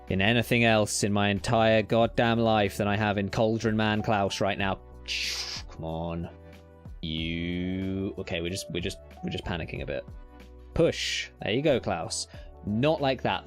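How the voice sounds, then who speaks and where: A British man streaming a game live. He cheers loudly at times, mutters under his breath at others, swears casually and talks to himself. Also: fairly low pitch, measured pace, soft background music. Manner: excitable, swings between loud cheering and muttered whispers. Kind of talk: live gameplay commentary.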